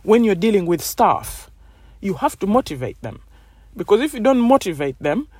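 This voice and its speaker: A woman's voice: medium pitch, very animated, moderate pace, a little mellow, breathy edge, no echo. A woman hosting a podcast, talking in a casual, rambling motivational monologue full of "you know"s. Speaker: podcast host.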